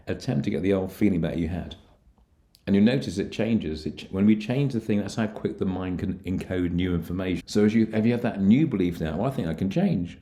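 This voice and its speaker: A middle-aged man, a mind coach, calmly guiding the listener through techniques for handling anxiety, speaking straight to them. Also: low voice. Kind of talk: instructional coaching talk.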